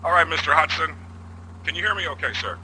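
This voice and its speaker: A man's voice: fairly high pitch, very slow, bright, forceful tone, slight background noise, heavily acted, rough recording. A man putting on the voice of a chatty, bumbling male helicopter pilot who rambles and apologizes. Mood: rambling.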